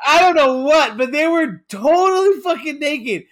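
A man's voice: extremely high pitch, animated, a little slow, a bit bright. A man co-hosting a casual podcast chat, telling stories animatedly, laughing often and swearing casually.

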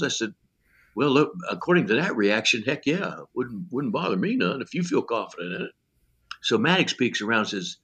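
Bright-voiced older man telling stories. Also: lowish voice, moderate pace, breathy edge. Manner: animated storyteller who acts out dialogue, with many "you know" fillers; blunt and salty. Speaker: former pitching coach, guest. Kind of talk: storytelling in a podcast interview.

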